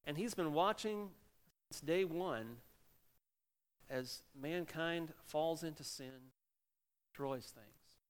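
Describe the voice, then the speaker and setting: A middle-aged man, a pastor, giving a sermon in an animated preaching manner with sudden loud exclamations. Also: on the high side, slow, pauses often, smooth.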